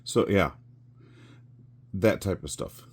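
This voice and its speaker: A man's voice: low voice, takes it slowly, darkish tone, a little hiss or hum. A man in his sixties telling a rambling story with chuckles and fillers while he works on a craft. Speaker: resin crafter.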